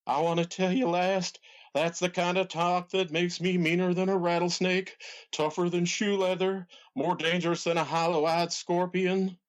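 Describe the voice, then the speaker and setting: Man doing announcer impression, drawling, halting delivery, colorful insults, comedy podcast. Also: high voice, little pitch movement, close to an everyday voice. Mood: indignant. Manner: hesitant, drawn-out, colorful put-downs. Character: folksy Southern wrestling announcer, blustery, easily riled.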